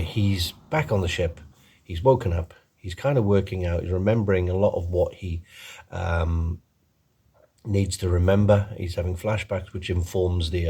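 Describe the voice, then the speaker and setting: Male reviewer, deep and a little raspy, chatty and meandering with lots of fillers. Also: a little mellow. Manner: rambling, many ums and restarts. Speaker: film reviewer. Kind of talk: rambling casual film review.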